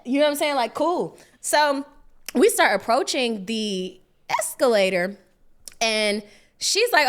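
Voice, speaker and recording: Animated woman telling a story. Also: a little high, measured pace. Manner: animated, acts out voices in the story. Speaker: podcast co-host. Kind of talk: casual storytelling chat.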